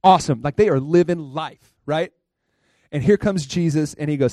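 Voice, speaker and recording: A male pastor giving a sermon in a loose, animated way, often laughing and tossing questions at the congregation. His voice sits somewhat high, and the recording is dry and close. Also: normal speed, dry recording. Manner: conversational, asks the crowd questions.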